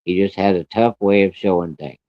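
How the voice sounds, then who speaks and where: Man doing calm old grandpa, low steady voice, reassuring; dry lo-fi. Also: brisk, close to an everyday voice. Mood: soothing. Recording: dry, dull lo-fi recording.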